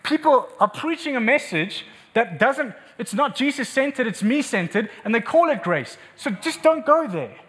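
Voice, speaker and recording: A man's voice: very high-pitched, big pitch swings, moderate pace, hardly any pauses, fairly bright tone. A male pastor preaching an impassioned, emphatic sermon in a church meeting room, repeating words for force.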